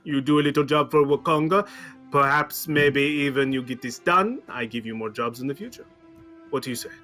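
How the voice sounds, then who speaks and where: A man voicing Wakanga, a smooth, scheming male merchant prince who persuades with stilted phrasing. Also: medium pitch, brisk, bright, forceful tone, soft background music, lightly acted. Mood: persuasive.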